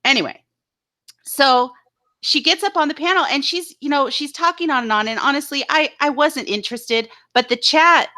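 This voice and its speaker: Woman co-host, bright and a touch high, indignant and animated, casual live-stream chat. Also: normal speed. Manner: animated, indignant storytelling with mocking impressions.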